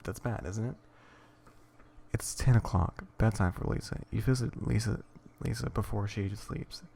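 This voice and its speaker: A man reading an interactive horror story aloud in a hushed, would-be ASMR tone, stumbling over words and stopping to joke. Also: lowish voice, normal speed, vocal fry. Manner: rambling, stumbles and self-corrects, jokes between lines. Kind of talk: casual reading with asides.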